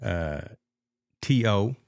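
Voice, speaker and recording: A man hosting a casual sports talk podcast, telling stories in an animated way and talking straight to his listeners. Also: fairly low pitch, drawn-out words, creaky, background noise. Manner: animated storytelling, addresses listeners as folks. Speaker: podcast host.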